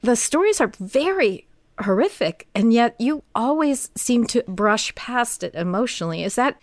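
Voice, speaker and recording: An older woman interviewing a guest, asking questions and telling a vivid story in an animated way. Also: on the high side, normal speed, no echo, clean studio sound. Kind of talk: conversational interview.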